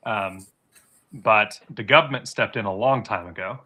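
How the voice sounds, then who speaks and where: A man's voice: on the low side, moderate pace, pushed and bright. A man co-hosting a livestream, chatting casually with sardonic jokes and mock rants. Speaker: livestream co-host. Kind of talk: casual chat.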